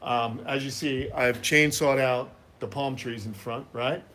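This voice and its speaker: A man's voice: mid-range voice, fairly even intonation, unhurried, a bit bright. A man with a runny nose chatting loosely on a live vlog about his tortoises and his house, full of "uh" fillers. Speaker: tortoise breeder and vlogger. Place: at home in Florida, indoors and by the front of his house. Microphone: phone camera, partly in selfie mode.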